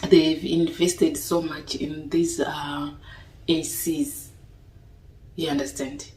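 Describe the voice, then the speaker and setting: A woman's voice: low voice, level tone, slow pace, darkish tone, distant mic. A young woman, talking casually to her viewers and often asking "you understand?". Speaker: vlogger. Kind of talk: casual talk to camera. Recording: roomy echo, voice a little off-mic.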